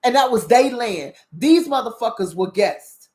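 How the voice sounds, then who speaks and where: Woman w/ going off on a heated cussing rant, animated talk-show monologue. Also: fairly high pitch, a little slow. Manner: animated, profane, heated ranting. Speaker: channel host. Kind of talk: casual spiritual commentary monologue.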